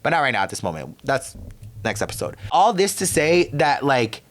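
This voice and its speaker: A man's voice: mid-range voice, big pitch swings, normal speed. A young man from the DC area hosting a podcast, telling a story in a sassy, profane, tangent-prone rant. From DMV area, US. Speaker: podcast host.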